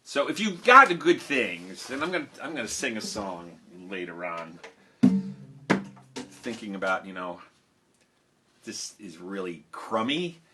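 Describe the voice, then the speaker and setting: A man's voice: lowish voice, very animated, unhurried, pauses often. A man who sings and tells stories for children, chatting playfully on a home live stream and coaxing his listeners to join in. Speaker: children's singer and storyteller. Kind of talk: casual live-stream chat to a young audience. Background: guitar playing.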